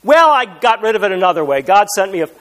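Pastor guy with a pretty high voice, joking about himself in his sermon. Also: very animated, fast, fairly bright tone. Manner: humorous self-deprecating storytelling.

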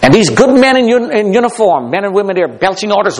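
A man telling his own survival story aloud, emphatic and dramatic, repeating phrases for effect and swinging from hushed to forceful. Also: high voice, lively intonation, fast, poor audio. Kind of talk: spoken personal testimony.

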